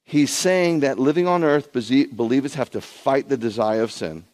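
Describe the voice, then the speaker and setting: Emphatic man preaching a sermon. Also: normal speed. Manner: emphatic preaching, surges high and loud in bursts; conversational asides to viewers at home. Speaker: rabbi preaching.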